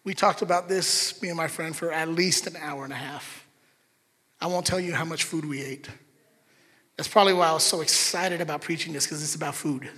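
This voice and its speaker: Male pastor, high bright voice, lively sermon delivery, long hall reverb. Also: a little fast. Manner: animated, chatty asides to the congregation.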